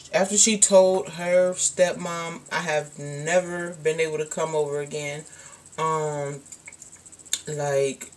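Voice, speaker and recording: Young woman vlogger, lowish voice, loose and candid storytelling with plenty of filler words. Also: slight background noise. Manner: rambling, candid, lots of "like" and "um". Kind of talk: casual storytelling to camera.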